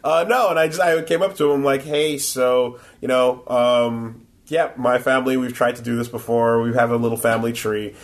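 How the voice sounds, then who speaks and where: A man chatting casually on a podcast, telling convention stories with plenty of "like" and "um." He jumps into other people's voices when he quotes them, pitching his voice up for their lines. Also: moderate pace, few pauses. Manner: animated storyteller, acts out quotes in a high voice. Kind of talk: casual chat.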